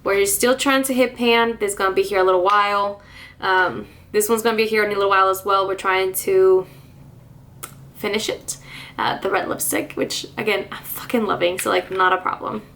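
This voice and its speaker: A chatty woman talking casually to her viewers in a relaxed vlog. She drifts through asides and fillers and laughs lightly at herself. Her voice sits at an ordinary middle pitch. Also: moderate pace. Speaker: beauty vlogger. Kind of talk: casual chat to camera.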